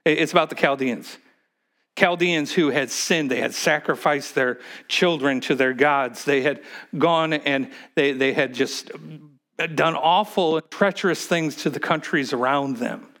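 A man preaching a sermon, swinging between loud, emphatic stretches and hushed, whispered ones. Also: a little high, measured pace. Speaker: pastor.

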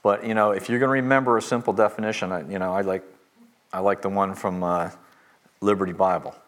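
A middle-aged man teaching a Bible class, stressing key points by repeating them slowly. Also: sits low, steady tone, fairly bright tone.

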